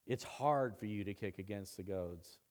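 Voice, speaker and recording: A male preacher voicing Jesus speaking from heaven, low, hushed and slow. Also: close to an everyday voice. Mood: solemn.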